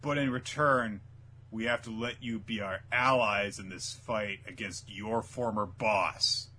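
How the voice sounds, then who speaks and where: A man casually recapping an anime episode with a co-host, acting out the characters in quick put-on voices and laughing often. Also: fairly low pitch, bright, forceful tone, a little hiss or hum. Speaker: podcast co-host.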